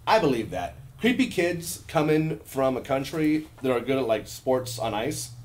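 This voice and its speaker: Animated joking young man, lively pitch. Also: moderate pace. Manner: animated, jokey, swears freely, pitch jumps when joking. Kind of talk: casual chat.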